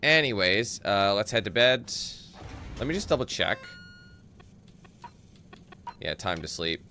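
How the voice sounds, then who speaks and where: A laid-back man rambling through casual commentary over gameplay, tossing in joking asides. His voice sits fairly low, with faint background noise behind him. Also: big pitch swings, measured pace, bright, forceful tone.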